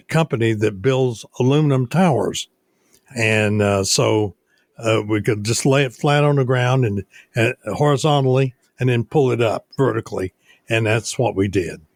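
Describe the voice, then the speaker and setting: Brief: older man, radio station owner, unhurried storyteller, mid-pitch, dry recording. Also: dry recording. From United States. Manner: unhurried storytelling, many "uh" pauses. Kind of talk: casual interview chat.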